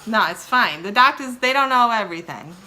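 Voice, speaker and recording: A woman's voice: on the high side, lively intonation, brisk, pushed and bright, rough recording. A woman imitating a stubborn older man with an attempted Massachusetts accent, brushing off an injury in a dismissive, reassuring way.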